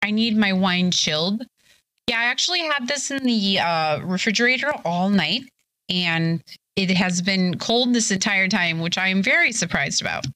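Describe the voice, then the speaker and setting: A woman's voice: mid-range voice, animated, moderate pace, bright, forceful tone, dry recording. A young woman streaming live, a little tipsy, chatting casually and bubbly as she reads her chat aloud.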